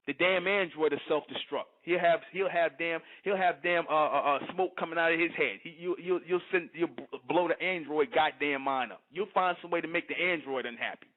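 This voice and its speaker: A man's voice: a little high, fairly quick, hardly any pauses. A man giving a preachy, repetitive lecturing monologue, often stopping to ask if the listener understands. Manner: preachy, repetitive, keeps asking "you understand?". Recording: tinny phone-like line.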